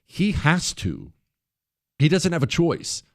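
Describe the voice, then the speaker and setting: A man's voice: fairly high pitch, huge pitch swings, takes it slowly. Combative male talk radio host. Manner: combative, sarcastic, repeats phrases for emphasis. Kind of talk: political talk radio monologue.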